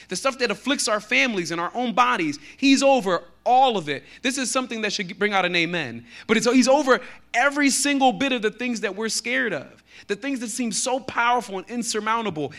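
A man with a Texan accent delivers a sermon in a high voice. He reads scripture aloud at a slow pace, then shifts into conversational preaching that gains force on his key lines. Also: sharp tone. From Texas. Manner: slows down to read scripture aloud. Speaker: pastor.

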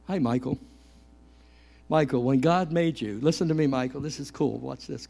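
A middle-aged male pastor preaching a lively sermon, joking and calling out questions to the congregation. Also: mid-range voice, moderate pace, vocal fry.

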